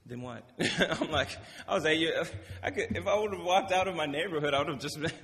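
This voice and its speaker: A man's voice: fairly high pitch, a little fast, a bit bright. A young man giving an informal sermon, reading scripture and then telling stories in a casual, rambling way that often corrects itself. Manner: casual, rambling, self-correcting, laughs between points. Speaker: preacher. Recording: long reverb of a hall.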